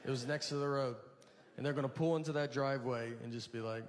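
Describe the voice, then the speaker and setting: A man performing a stand-up routine, telling rambling stories in a halting, deadpan way. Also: mid-range voice. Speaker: stand-up comedian. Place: large venue with a live audience. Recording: live stage mic in a reverberant hall with audience noise. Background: audience laughter.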